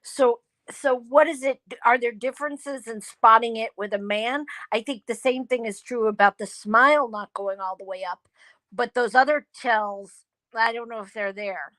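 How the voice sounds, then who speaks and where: A woman hosting a casual chat who tells animated stories and acts out quoted dialogue. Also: fairly high pitch, moderate pace, no echo. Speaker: host.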